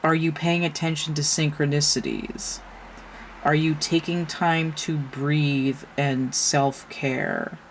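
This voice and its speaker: A woman reads tarot slowly in a low, steady voice, with some background noise behind her. Her casual delivery is blunt and a bit foul-mouthed, and she asks her listeners question after rhetorical question.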